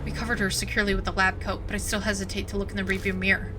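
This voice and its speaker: A woman's voice: mid-range voice, level tone, very fast, slight background noise. A woman streamer who reads game dialogue aloud between casual, giggly, foul-mouthed reactions. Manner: giggly, swears freely, reacts loudly. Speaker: streamer playing a visual novel. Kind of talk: reading game text aloud with casual commentary. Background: game music.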